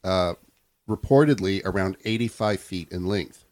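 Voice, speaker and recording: A man's voice: low-pitched, moderate pace, darkish tone. A man hosting a casual podcast, telling a historical story from notes and breaking off to banter with friends.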